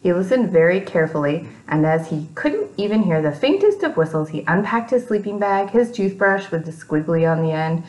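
A woman's voice: on the low side, sing-song, fairly quick, hardly any pauses, a little mellow, roomy sound, low-quality recording. A woman reading a picture book aloud to young children, breaking off for chatty asides to them.

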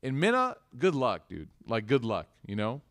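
A man's voice: mid-range voice, wildly swooping pitch, normal speed, dry recording, studio quality. A man teaching a religious class, telling a story casually and animatedly before closing in prayer. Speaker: Islamic teacher.

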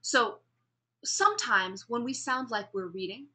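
Bright-voiced woman lecturing a class. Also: a little high. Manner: explanatory, demonstrates pace and pauses while speaking. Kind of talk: classroom lecture on public speaking.

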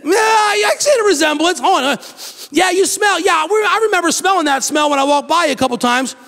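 Preacher doing a nosy doubting townsman, squeaky and jumpy, church echo. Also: expressive, brisk, heavily acted. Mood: incredulous. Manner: loud, incredulous, high-pitched and mocking. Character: skeptical male townsman squinting at a healed beggar.

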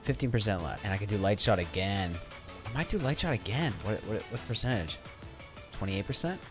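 A young man giving casual, chatty gameplay commentary, swinging between loud hype and quiet muttering. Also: on the low side, animated, a little fast, music in the background. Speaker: gaming YouTuber.

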